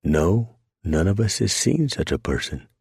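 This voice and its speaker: A pompous deacon sputters his protests in an earnest, rattled voice, as a male narrator puts him on. It sounds husky and dry. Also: deep voice, sing-song, unhurried, a little mellow, no echo, pitched above the performer's own voice, full character voice. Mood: flustered. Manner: stammering, earnest.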